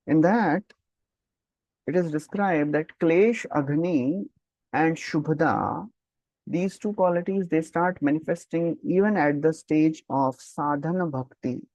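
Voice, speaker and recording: A man leads a scripture class, his voice pitched a little high. He explains at an unhurried pace, repeats key terms, and chants verses. The recording is dry and close. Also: darkish tone, no room sound, poor audio. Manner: switches between English and Hindi, chants verses. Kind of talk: scripture lecture.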